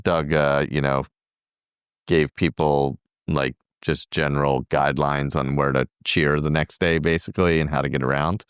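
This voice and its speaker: A man's voice: very deep voice, little pitch movement, moderate pace, clean tone, no room sound, studio quality. A middle-aged man, a podcast co-host, recounting a trip in casual, rambling chat full of fillers. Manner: rambling, filler-heavy storytelling.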